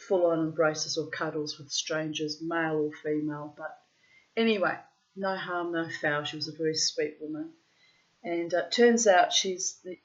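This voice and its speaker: Low-ish woman rambling through a story, laughs a lot, kinda muffled lo-fi audio. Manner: animated, laughs often, theatrical asides. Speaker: vlogger. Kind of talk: casual storytelling monologue. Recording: dull lo-fi sound.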